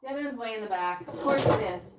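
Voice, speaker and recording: A woman's voice: on the high side, fast, very noisy. A woman hosting a casual cooking livestream, chatting to viewers and talking herself through each step as she works. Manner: chatty, talks to herself and answers chat while cooking. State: out of breath at times. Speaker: livestream host.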